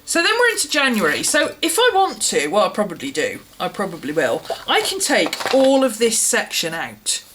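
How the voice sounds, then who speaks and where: English woman, vlogger, chatty musing review tone, very lively pitch. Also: normal speed, hardly any pauses, slight background noise. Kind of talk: casual product review chat.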